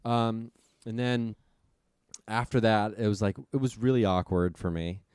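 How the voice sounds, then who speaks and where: Man, thirties, smooth low voice, dry close mic; rambling, profane storyteller. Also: a little slow, darkish tone, dry recording. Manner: rambling, profane, self-deprecating. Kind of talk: casual chat, storytelling.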